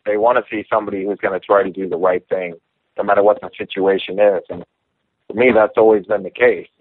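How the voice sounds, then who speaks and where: A man, a professional fighter, telling stories in a relaxed, casual interview. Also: lowish voice, fast, breathy edge, dry recording. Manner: relaxed storyteller acting out quotes. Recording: tinny phone line.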